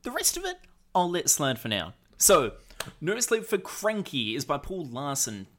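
A man's voice: on the high side, wildly swooping pitch, measured pace, fairly bright tone. A man co-hosting a casual fan podcast, giving detailed, nitpicky commentary. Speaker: podcast co-host. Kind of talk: casual chat.

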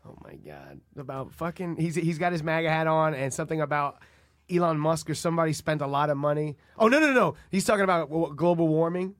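A man's voice: on the high side, animated, fairly quick, fairly bright tone, no echo, clean studio sound. A man joking around and swearing in casual podcast chat.

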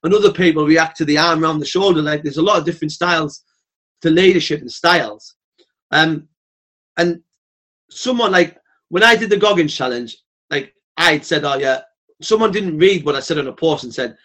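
A man, talking bluntly and swearing freely as a podcast guest, telling animated stories. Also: fairly high pitch, a little fast. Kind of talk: casual podcast chat.

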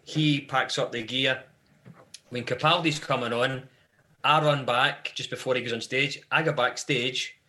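Bright-voiced Scottish man telling tales. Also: medium pitch, steady tone, measured pace. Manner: rambling anecdotal storyteller. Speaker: band member guest. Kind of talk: live podcast interview.

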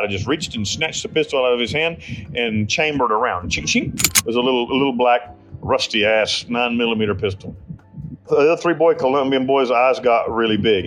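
An American man tells his life story in an interview, speaking bluntly and ramblingly with profanity and frequent restarts. His voice is mid-range and a bit bright, and the recording is rough.

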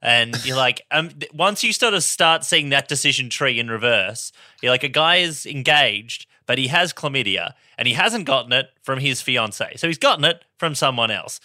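A man with a very bright, sharp-edged voice, spinning a comic bit step by step. He is recorded close and dry. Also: mid-range voice, expressive, moderate pace, hardly any pauses, dry recording. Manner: builds jokes step by step, laughing as he goes. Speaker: comedian panelist. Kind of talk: comedic storytelling banter.

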